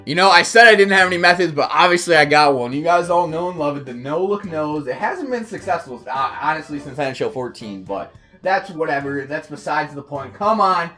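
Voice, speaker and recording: Young guy hyped up opening game packs, lots of uhs, quiet music behind him. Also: a little high, brisk. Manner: excitable, rambling, with many fillers. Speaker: gaming YouTuber. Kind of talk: pack opening commentary.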